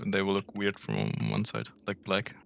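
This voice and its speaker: A man in casual voice chat while gaming, speaking in a hesitant, low-key way. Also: very animated, normal speed, gravelly, a bit bright, a little hiss or hum. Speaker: game player.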